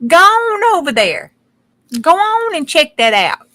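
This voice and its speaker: A woman's voice: on the high side, normal speed, fairly bright tone, dry recording, lightly acted. A woman voicing a bossy male sheriff who barks orders.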